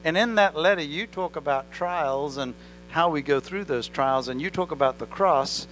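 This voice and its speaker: A man's voice: a little high, moderate pace, fairly bright tone, soft background music, rough recording. A male pastor preaching an earnest sermon, telling a story with rising and falling emphasis. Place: church. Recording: church recording with electrical hum.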